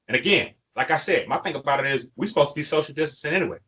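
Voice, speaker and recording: A man co-hosting a fan show, plainly worked up and ranting. He presses his points with repeated phrases and a bright, forceful tone. His voice carries a husky grain. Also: fairly high pitch, fairly quick, rough recording. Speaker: sports podcast co-host. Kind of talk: fired-up fan commentary.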